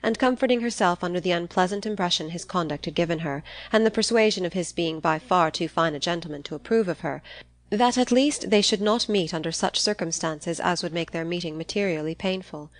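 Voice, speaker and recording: An audiobook narrator, a woman with a lowish voice, reads a classic novel in a measured, even way.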